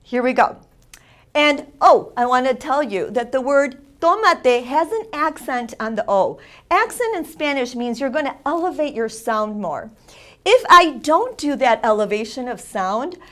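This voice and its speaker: A woman's voice: high-pitched, a bit bright. A woman hosting a community TV show, giving an upbeat Spanish lesson and drilling phrases with emphatic repetition. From Italian heritage. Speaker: show host and Spanish teacher.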